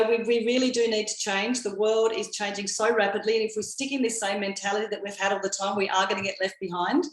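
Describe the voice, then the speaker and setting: An Australian woman in her fifties, hosting an event and giving an upbeat motivational talk straight to her audience. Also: medium pitch. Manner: upbeat, addresses the audience directly. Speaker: event host. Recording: roomy, echoey sound.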